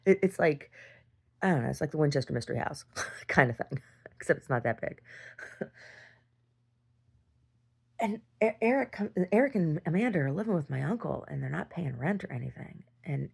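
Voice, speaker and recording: Low gravelly woman telling a story. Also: big pitch swings, a little fast, long pauses. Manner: rambling storytelling, voice rising when reliving a fight. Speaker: video diarist. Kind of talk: personal video diary.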